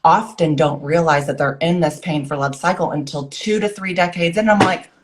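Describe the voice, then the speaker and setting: A woman's voice: low voice, normal speed. A woman in her forties, a guest author, earnestly telling her personal story in a rush of short phrases and acting out the words of people she remembers.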